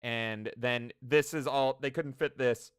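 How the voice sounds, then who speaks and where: Podcast co-host, male, fired-up ranter who curses a lot, crisp bright tone, dry booth sound. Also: medium pitch, unhurried, dry recording. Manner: animated, profane ranting with mocking quotes. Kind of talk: casual podcast chat.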